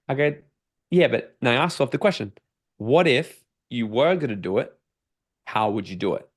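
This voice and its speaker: A personal development coach with an Australian accent guests on a podcast, brisk and energetic in a mid-range voice. He swears without restraint as he plays out the voice in his own head.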